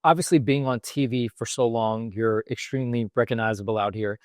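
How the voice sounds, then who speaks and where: A man hosts an interview, relaxed and affirming, nodding along with short "right, right" replies between questions. His voice has a middle pitch and sounds dry and close to the mic. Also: a little fast, dry recording. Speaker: interview host, magazine founder.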